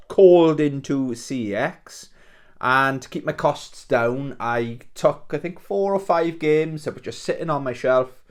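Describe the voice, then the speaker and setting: A man talks casually to camera from home. His chat wanders from story to story, full of jokes at his own expense. He sounds like a game collector rambling through his latest finds. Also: mid-range voice. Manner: rambling, jokey, self-mocking.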